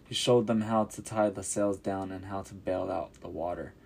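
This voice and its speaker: A man reading a Bible story aloud as a podcast narrator, measured and descriptive. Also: sits low, a little mellow.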